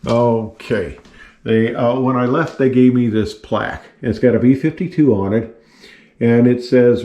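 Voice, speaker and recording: A man's voice: medium pitch, normal speed, warm tone, dull audio. An older man in his seventies, a retired pilot and engineer, chatting casually through a tour of his home, rambling with many fillers and self-deprecating asides. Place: at home, in his house and attic office.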